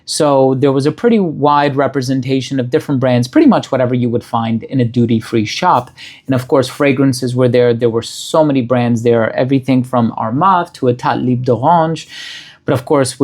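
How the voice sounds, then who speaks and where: A man talks through a fragrance review in a casual, unhurried way. He lists the scent notes one by one and sounds appreciative. His voice sits at an ordinary middle pitch for a man. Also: a little mellow. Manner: descriptive, listing scent notes in a measured, appreciative way.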